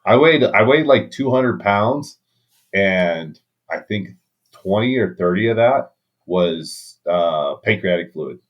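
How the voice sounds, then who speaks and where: A man's voice: sits low, expressive, takes it slowly, muffled recording. A man, a podcast guest, telling a candid story in casual talk, swearing now and then.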